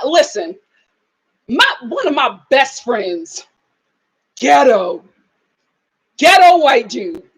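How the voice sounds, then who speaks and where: Woman host, live aftershow commentary; high voice, animated, mimics people. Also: low-quality recording.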